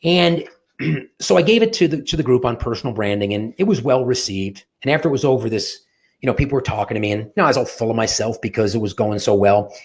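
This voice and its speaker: A middle-aged man coaching on sales and personal branding in a webinar pitch, talking informally, telling anecdotes and repeating phrases for emphasis. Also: quick pace. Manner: tells anecdotes in a folksy, informal way.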